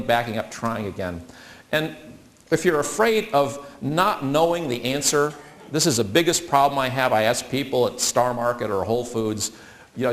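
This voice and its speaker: Male speaker, lively storytelling talk, big swings in pitch. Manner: animated storyteller acting out quoted voices.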